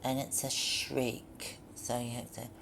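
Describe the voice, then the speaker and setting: A woman's voice: extremely low pitch, little pitch movement, slow. A woman reading a novel aloud in a mocking, sarcastic, profane way. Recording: clear background noise.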